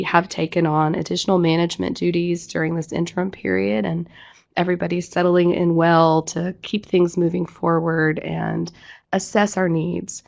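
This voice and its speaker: A woman executive director with a hoarse, croaky voice from losing it, giving a businesslike staff update with fillers. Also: on the low side, a little mellow. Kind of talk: online presentation.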